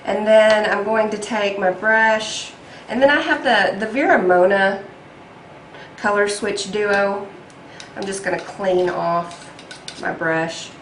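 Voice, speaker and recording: Young woman vlogger, unhurried and chatty, talking through an eye makeup tutorial in a roomy space with a faint hum. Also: medium pitch, a bit bright. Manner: chatty and self-deprecating, with frequent ums. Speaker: beauty vlogger.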